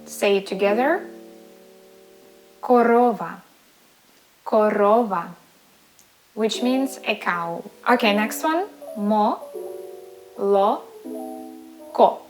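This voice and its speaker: A woman with a Ukrainian accent leads a language lesson at an unhurried pace. She speaks at a mid pitch and sounds out each syllable slowly before blending them into words. Music plays clearly behind her. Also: expressive, darkish tone. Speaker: language teacher. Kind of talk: slow, patient language lesson.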